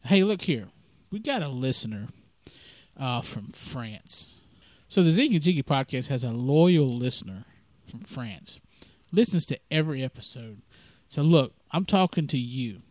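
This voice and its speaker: Southern male podcast host, folksy rambling storyteller, mid-pitched voice, dry close mic. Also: animated, measured pace, darkish tone, no echo. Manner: folksy, rambling, with many fillers. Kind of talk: casual storytelling monologue.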